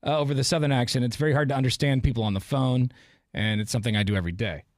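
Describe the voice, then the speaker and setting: A man's voice: medium pitch, racing, no echo, studio quality. A man hosting a casual morning radio show, joking around and reading listener messages aloud.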